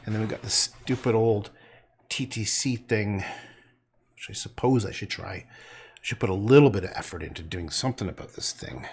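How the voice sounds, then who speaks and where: A man's voice: fairly low pitch, normal speed, vocal fry, slightly rough. A man livestreaming while he paints, chatting casually in a joking, rambling way with frequent swearing. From Canada.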